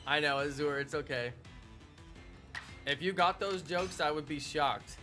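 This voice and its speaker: A man's voice: a little high, measured pace, long pauses, sharp tone. A man in his thirties giving chatty, playful live-stream commentary while he plays a game and jokes with his viewers. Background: game music.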